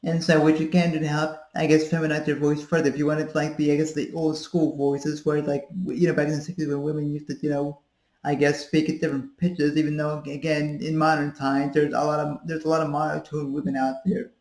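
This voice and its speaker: A woman's voice: low-pitched, flat delivery, brisk, darkish tone. A woman in her thirties giving a casual voice-training tutorial, rambling with fillers as she demonstrates sounds. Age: 30s. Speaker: voice coach. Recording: echoey room.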